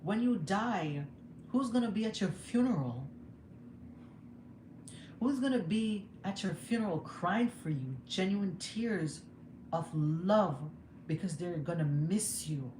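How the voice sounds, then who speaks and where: A young woman talks candidly to her viewers, emotional and quick to laugh. Her voice sits a little low. The phone recording is roomy and echoey, with a steady noise under it. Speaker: vlogger. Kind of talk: casual livestream chat. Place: home room. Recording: echoey room with background noise.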